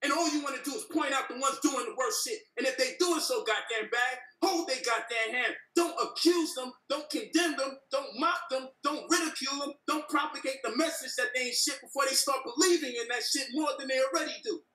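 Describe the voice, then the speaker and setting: A man's voice: extremely high pitch, a little fast, few pauses, pushed and bright. A man in a heated debate, ranting passionately with heavy profanity and a preachy tone. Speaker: debate guest. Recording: echoey room, distant from the mic.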